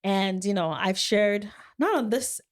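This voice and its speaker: A woman in her late twenties co-hosting a podcast, chatting casually and lively, acting out what others said. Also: medium pitch, a little slow. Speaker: podcast co-host. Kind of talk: casual chat.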